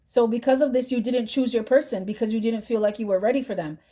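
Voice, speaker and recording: A woman's voice: fairly high pitch, steady tone, quick pace, mellow. A woman doing a tarot reading, chatty and direct, who keeps asking "right?" and adds "mm-hmm" between thoughts. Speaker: tarot reader.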